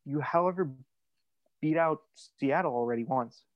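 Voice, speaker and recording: A man's voice: fairly high pitch, normal speed, dry recording, dull audio. A man on a sports talk panel, laying out his pick as a methodical, structured argument. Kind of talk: casual sports chat.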